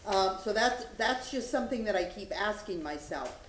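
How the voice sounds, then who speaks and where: A woman's voice: medium pitch, lively intonation, moderate pace, reverberant, slight background noise, poor audio. A woman on a city board laying out her questions firmly and holding off interruptions. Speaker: board member. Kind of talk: public meeting remarks. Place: city meeting room.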